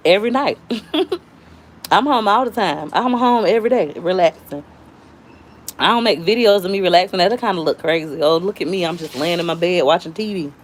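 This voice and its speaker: A woman's voice: fairly low pitch, moderate pace, slight background noise. A woman, chatting casually with viewers at home with her family, slangy and rambling, a little out of breath. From Florida, US. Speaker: YouTube cooking vlogger.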